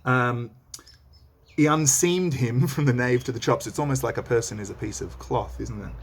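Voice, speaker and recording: Man, husky voice, chatty teacher, read-along lesson. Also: medium pitch, moderate pace. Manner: chatty, reads lines aloud then explains in slang.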